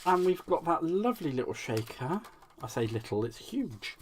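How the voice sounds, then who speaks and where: A man's voice: fairly high pitch, very animated, moderate pace, a little hiss or hum. Chatty man crafting live. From United Kingdom. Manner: chatty and playful, talks to himself and viewers with giggles and silly repeated words. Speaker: craft channel host. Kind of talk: casual live crafting chat.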